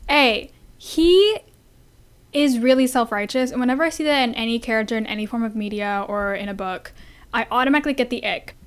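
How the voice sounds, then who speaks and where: A young woman vlogger reacting casually, talking in an animated, blunt and sweary way. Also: on the high side, a little fast, clear, resonant tone.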